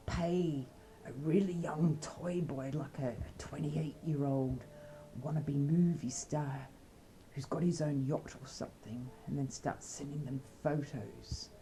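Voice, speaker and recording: A woman's voice: low voice, mellow, a little hiss or hum, poor audio. An Australian woman chatting in a rambling, cheeky way and brainstorming bawdy comedy skits. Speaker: comedy skit presenter. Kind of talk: casual comedic chat.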